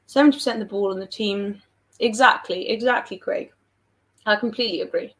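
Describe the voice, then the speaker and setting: A woman's voice: medium pitch, brisk, a bit bright. Woman, young adult, southern English accent, casual livestream chat, rambling, self-deprecating. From England. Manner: chatty, rambling, self-deprecating, reads out viewer comments. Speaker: livestream host.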